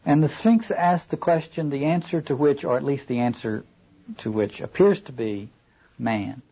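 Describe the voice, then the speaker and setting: Man giving a halting literature lecture. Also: medium pitch, mellow, breathy edge. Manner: thoughtful, halting, rereads quoted lines aloud. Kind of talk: classroom lecture with read-aloud passages. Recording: dull lo-fi lecture recording.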